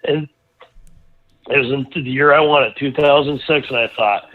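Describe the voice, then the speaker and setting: Male guest, chatty rambling storyteller, mid-pitched, phone-quality audio. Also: fairly quick. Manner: rambling, animated storyteller with many restarts. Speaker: racing driver guest. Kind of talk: casual storytelling interview. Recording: tinny phone-like line.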